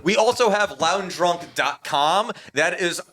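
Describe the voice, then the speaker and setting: A man's voice: sits high, unhurried. A man from New Jersey co-hosting a podcast, joking through the show's sign-off in casual chat. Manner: animated, reads the show's outro with jokes. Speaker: podcast co-host.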